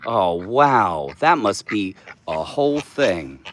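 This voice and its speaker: A man's voice: on the low side, sing-song, slow pace, fairly bright tone. A man hosting a casual livestream, cooing to his pet duck in baby talk and thanking viewers for their comments. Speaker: livestream host.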